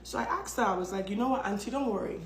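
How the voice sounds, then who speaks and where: A woman's voice: mid-range voice, fast, gravelly, roomy sound, slight background noise. A woman telling a story in a casual vlog, dramatic and blunt, with plenty of swearing. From United States. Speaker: storytelling vlogger.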